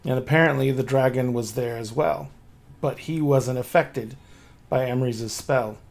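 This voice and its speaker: A man's voice: medium pitch, normal speed, a little mellow. Man running a tabletop game. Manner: loose, filler-heavy narration. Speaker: game master.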